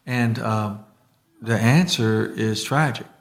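Animated man telling faith stories. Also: lowish voice, takes it slowly. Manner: animated storyteller, many restarts and fillers. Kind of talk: casual faith conversation.

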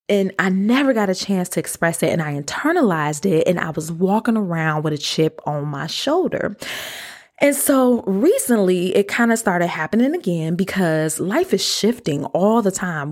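A woman's voice: mid-range voice, darkish tone. A young woman hosting a motivational podcast, talking casually and animatedly, often laughing and acting out her own inner voice. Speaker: podcast host.

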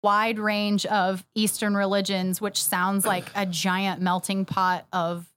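A woman's voice: mid-range voice, little pitch movement, slow, a bit bright, clear, resonant tone. A woman co-hosting a church podcast, chatting casually, laughing often and agreeing emphatically. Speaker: podcast co-host, church next steps director. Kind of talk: casual chat.

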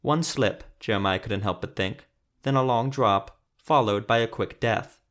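A man narrating a fantasy story in a measured, steady reading voice. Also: fairly low pitch.

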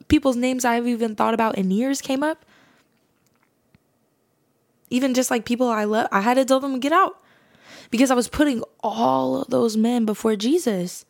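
A woman hosting a podcast, sharing a personal faith testimony in a casual, earnest way, often saying "like". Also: fairly high pitch. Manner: casual, earnest, fills speech with "like". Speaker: podcast host.

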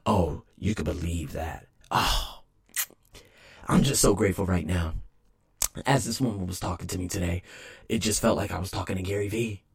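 Man, solo podcast rant, raspy gravelly voice, pitch swinging up and down, rambling and emphatic.

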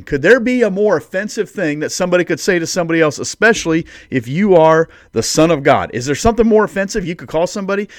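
A man's voice: fairly high pitch, big pitch swings, quick pace, hardly any pauses, no echo, clean studio sound. A man hosting a devotional podcast. He talks conversationally and builds into emphatic, preacherly bursts. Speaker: podcast host.

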